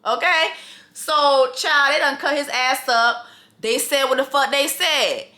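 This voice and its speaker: A woman recapping a TV episode in a casual comedic rant, profane and animated, acting out the characters and laughing often. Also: on the high side.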